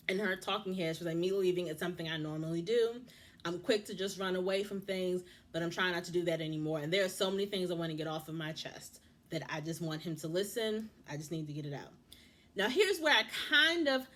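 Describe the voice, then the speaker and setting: A woman in her thirties giving a casual TV recap, animated and indignant, talking straight to the people on the show. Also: fairly low pitch, a little fast. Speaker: TV recap vlogger.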